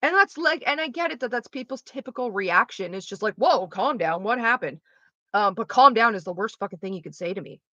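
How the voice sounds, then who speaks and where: A woman's voice: on the high side, quick pace, hardly any pauses, bright, forceful tone, no echo. A young woman streamer chatting casually and frankly while she plays, explaining things and swearing freely. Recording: dull lo-fi dry sound.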